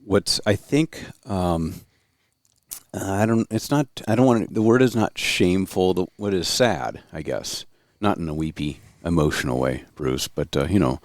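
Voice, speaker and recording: A man co-hosting a casual discussion podcast, talking thoughtfully and often pausing to search for the right words. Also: deep voice, no room sound, studio quality. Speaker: podcast co-host.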